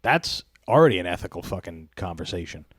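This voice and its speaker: Podcast host, deep dry voice, rambling profane comedy chat. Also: male voice, sing-song, a little fast, no room sound. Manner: rambling, profane, laughs often.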